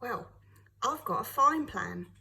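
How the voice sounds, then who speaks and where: A woman's voice: fairly high pitch, expressive, slow pace, gravelly, pushed and bright, slightly rough, heavily acted. A woman doing a breathless, chatty working girl. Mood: eager.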